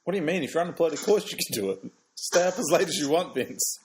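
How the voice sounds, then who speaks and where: A man's voice: fairly high pitch, animated, fast, a little hiss or hum. A man hosting a podcast, reading listener questions and teasing his co-hosts with a giggly manner. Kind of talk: casual chat.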